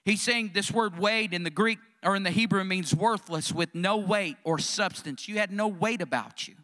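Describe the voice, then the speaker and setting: High, bright fervent preacher. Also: male voice, normal speed. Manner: fervent, call-and-response preaching. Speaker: pastor. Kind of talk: sermon. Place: church sanctuary.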